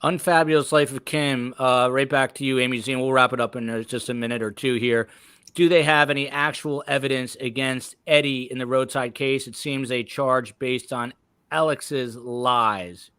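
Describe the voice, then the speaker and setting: A man hosting a live podcast, reading viewer comments aloud in a brisk, upbeat, chatty way. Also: mid-range voice, fairly even intonation, fairly bright tone, clean tone, dry recording. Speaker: podcast host.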